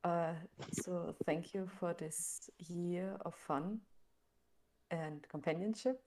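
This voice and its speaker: Slow, low-voiced woman giving thanks. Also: warm tone. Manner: hesitant, heartfelt thanks. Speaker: player. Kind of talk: casual farewell on a game stream.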